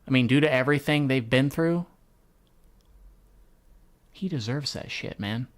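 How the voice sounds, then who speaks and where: A man giving casual, excitable reaction commentary while reading a manga, swearing freely and laughing often. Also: mid-range voice, measured pace, pauses often.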